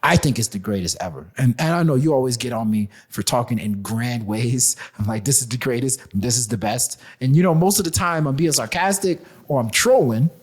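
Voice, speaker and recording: A man co-hosting a casual hip hop podcast, talking in an animated way with frequent restarts and laughs. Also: mid-range voice, brisk, few pauses, husky. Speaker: podcast co-host.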